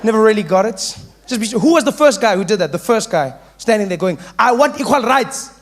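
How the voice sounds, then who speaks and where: High-voiced South African stand-up comic. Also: male voice, lively intonation, fast talker. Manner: storytelling, playful asides. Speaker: stand-up comedian. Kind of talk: stand-up comedy routine.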